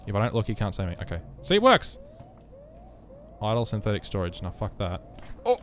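A man's voice: fairly low pitch, steady tone, fast talker, darkish tone, slight background noise. An Australian man streaming a horror game, nervous and jittery, swearing a lot and joking through his fear. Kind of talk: live-streamed horror gameplay commentary.

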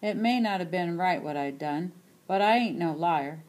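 A proud old grandmother, put on by a woman reading aloud, talks in plain rural dialect. Her voice rises above a low reading tone and presses every point. It is a stubborn, insistent storybook grandmother. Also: animated, normal speed, a little mellow, a little hiss or hum, close to an everyday voice.

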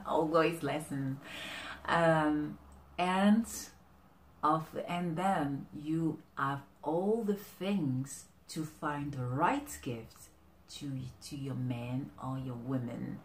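A woman talking casually to camera with relationship advice, animated and halting, often restarting her sentences. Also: low-pitched, roomy sound, slight background noise. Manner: animated, often acting out quoted exchanges. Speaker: vlogger giving relationship advice.

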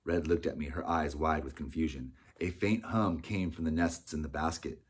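A man narrating a storybook in a steady, unhurried way. His voice is very deep and slightly husky. He reads with an even storytelling tone. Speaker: audiobook narrator. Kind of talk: scripted narration.

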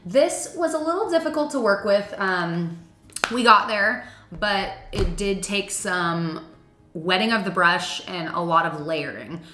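A woman's voice: medium pitch, lively intonation, a little slow, noisy background. A young woman chatting casually through a makeup review, chatty and self-deprecating, with frequent fillers. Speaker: beauty vlogger. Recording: echoey room.

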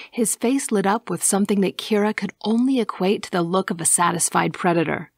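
Woman reading an audiobook, slow and measured, dry close sound, gravelly low tone. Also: no echo. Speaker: audiobook narrator. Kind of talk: scripted narration.

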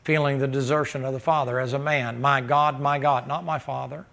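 A man preaching a sermon in a folksy, joking way, breaking into loud laughing bursts. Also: mid-range voice, steady tone, fairly quick, vocal fry.

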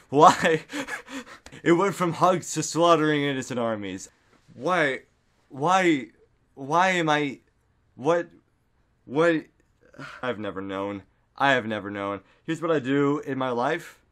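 A man's voice: fairly high pitch, expressive, slow pace, pauses often. Goofy rambling man vlogging at a desk mic. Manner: goofy, rambling, lots of "like" fillers, sudden silly shouts. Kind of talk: casual rambling monologue. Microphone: desktop studio microphone.

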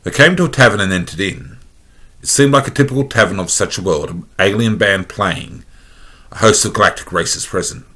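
A man with an Australian accent reading a fan-written space story aloud as narrator, in a plain, steady way. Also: lowish voice, fairly quick.

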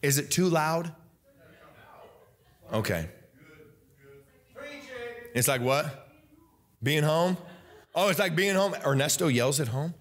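A young man preaching a sermon as pastor, loud and animated, breaking into sing-song emphasis. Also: fairly high pitch, slow pace, pauses often. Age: young adult.

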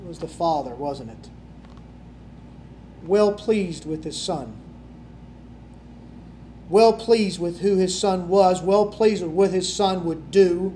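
A man preaching a sermon and reading scripture, folksy, asking the congregation rhetorical questions and swinging from loud emphasis to near-whispers. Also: high voice, takes it slowly, pauses often, a little hiss or hum. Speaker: pastor.

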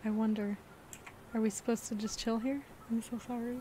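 A woman casually commenting on a game playthrough, excitable and giggly, gushing with exclamations. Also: fairly high pitch, normal speed, heavy background noise. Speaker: gaming channel host.

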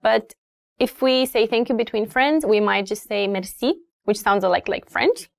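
A woman's voice: fairly high pitch, no room sound. A woman with a Romanian accent, a native Romanian speaker, teaching a beginner language lesson in a patient, repetitive way. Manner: slow and patient, repeating words clearly with fillers.

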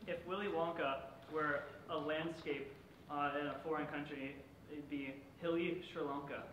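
A man improvising puns on stage, with halting fillers between them. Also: on the high side, fairly even intonation, crowd noise. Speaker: improv performer. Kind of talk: live improv pun game. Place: performance room with a live audience. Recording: echoey room with background noise.

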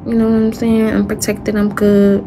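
On a livestream, a woman delivers an emotional monologue, upset and distressed, speaking haltingly, repeating phrases and trailing off into sighs. Yet her mid-range voice comes out completely flat, and the background is noisy.

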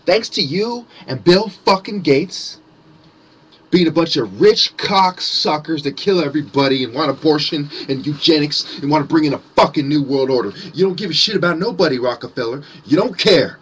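A conspiracy commentator delivers an angry, furious monologue packed with profanity and mock-innocent sarcasm, swinging between taunting and shouting at his target. His slightly high voice is husky and rough-edged, and he talks at a normal speed.

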